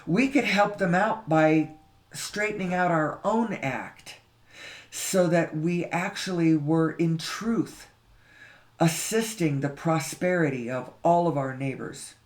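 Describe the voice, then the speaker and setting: A man's voice: a little high, slow pace. A man giving a rambling spoken monologue on spiritual and social questions, often repeating himself, asking rhetorical questions and cursing casually. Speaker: spiritual talk host.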